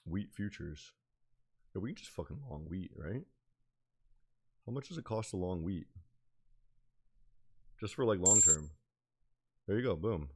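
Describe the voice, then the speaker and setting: A man's voice: deep voice, lively intonation, unhurried, long pauses, dark tone. A young man streaming about day trading in casual chat, rambling with lots of fillers and slang.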